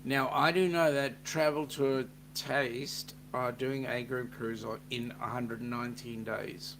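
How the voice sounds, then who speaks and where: A man's voice: medium pitch, steady tone, measured pace, fairly bright tone, slight background noise. A man with an Australian accent co-hosting a casual livestream chat, reading out viewer comments with a joking, teasing manner.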